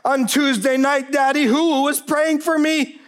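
A woman's voice: on the high side, steady tone, unhurried, voice pushed up, close to an everyday voice. A man putting on a tearful young woman's pleading voice. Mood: urgent pleading. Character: young adult daughter, sobbing and repentant.

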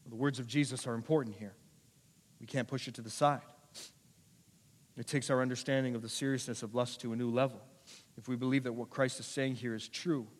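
A male pastor preaching a sermon to a congregation, building to loud, repeated urgent appeals. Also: medium pitch. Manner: preaching with rising intensity and repetition. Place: church sanctuary. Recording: long hall reverb.

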